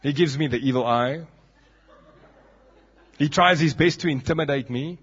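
A man's voice: a little high, moderate pace, a bit bright, slightly rough. A South African man preaching a sermon as pastor, emphatic, with dramatic drops in his voice, on a dull lo-fi recording.

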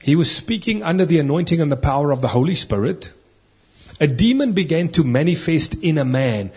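Husky preacher. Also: male voice, on the high side, expressive, brisk, a little mellow. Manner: earnest, emphatic preaching with rhetorical questions. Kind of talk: sermon with scripture reading.

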